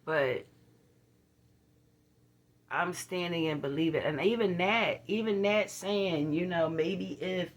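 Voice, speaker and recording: A woman's voice: fairly low pitch, slow, pauses often. A middle-aged woman, talking straight to her viewers in a casual vlog, earnest and blunt, often checking in with them. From Philadelphia. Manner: earnest, blunt, preachy, with frequent "you feel what I'm saying" asides. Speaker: vlogger. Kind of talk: casual direct-to-camera vlog.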